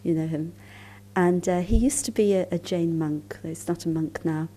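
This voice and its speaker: A woman giving a spiritual talk at a conference, telling stories calmly and unhurriedly, sometimes dropping into soft, near-whispered asides. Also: fairly low pitch, moderate pace, slight background noise. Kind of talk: storytelling lecture at a conference.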